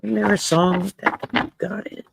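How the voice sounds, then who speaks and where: This Louisiana woman, speaking with a Cajun accent, reads cards for viewers on a casual late-night stream, cussing and tossing off salty jokes. Her gravelly, mid-range voice holds a steady tone at a moderate pace over some background noise. She's jokey, swears without restraint, and laughs often.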